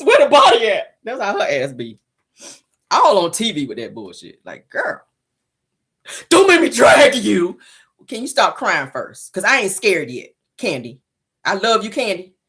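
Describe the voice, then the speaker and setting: Husky-voiced woman dishing petty gossip. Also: lowish voice, a bit bright. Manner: petty, profane, teasing, laughs often. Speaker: celebrity gossip show host. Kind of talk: casual gossip commentary. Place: in a car.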